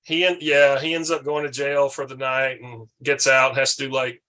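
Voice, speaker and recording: A man's voice: mid-range voice, moderate pace. A man, hosting a casual drinking chat and telling a rowdy story with lots of swearing. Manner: animated storyteller, swearing freely. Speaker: podcast host.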